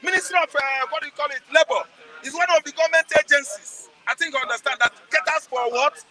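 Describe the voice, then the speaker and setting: Speaking quickly in a very high voice, a middle-aged Nigerian man preaches passionately to a street interviewer, repeating lines for emphasis and occasionally shouting. He asks himself rhetorical questions while faint music plays behind him on a rough recording.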